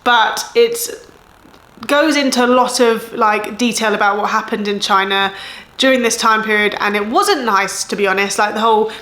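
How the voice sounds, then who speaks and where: A woman's voice: mid-range voice, moderate pace, sharp tone, roomy sound. A woman in her thirties with an English accent, chatting casually about her month of reading, rambling and correcting herself as she goes. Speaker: book vlogger. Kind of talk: casual chat.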